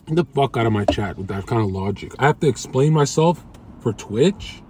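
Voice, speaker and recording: A man's voice: medium pitch, expressive, brisk, a little mellow, slight background noise. A man streaming from his car, talking in brash, crude trash-talk to his chat. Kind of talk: casual livestream chat.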